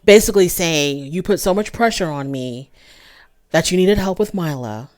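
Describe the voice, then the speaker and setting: Female host, low-pitched, chatty gossip recap to camera. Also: moderate pace. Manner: animated, gossipy, talks straight to viewers. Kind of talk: casual chat review.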